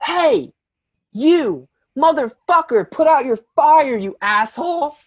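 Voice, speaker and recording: A man's voice: extremely high pitch, lively intonation, takes it slowly, no room sound, clean studio sound, pitched above the performer's own voice, full character voice. A man putting on a furious tripping young woman. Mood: enraged. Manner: yelling, cursing, belligerent.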